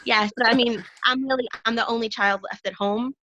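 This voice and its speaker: A middle-aged woman, appearing as an interview guest, chats casually in a fairly high, bright, forceful voice with fairly even intonation, speaking a little fast. She tells a long joke packed with fillers and restarts, heard over dull lo-fi call audio.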